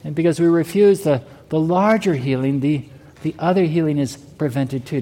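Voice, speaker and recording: A male pastor delivers a sermon, his voice high yet mellow and dark in tone. He keeps asking the congregation whether they heard him. The sound rings out with a long reverb, as in a large church hall. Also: normal speed. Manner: preaching with rhetorical questions to the congregation. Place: church sanctuary.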